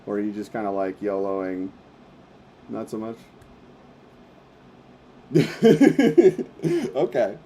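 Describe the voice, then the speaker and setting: A man's voice: lowish voice, steady tone, normal speed, dark tone. A man hosting a casual livestream meetup, wrapping up in a loose, rambling way with lots of fillers and slang. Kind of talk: casual livestream wrap-up chat.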